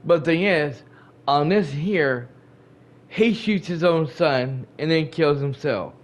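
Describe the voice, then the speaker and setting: A man's voice: on the high side, slow. A man hosting a gaming channel, casually recapping a game. He rambles, repeats himself, talks straight to his viewers and retells scenes with quoted dialogue. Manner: colloquial and chatty, addressing viewers directly.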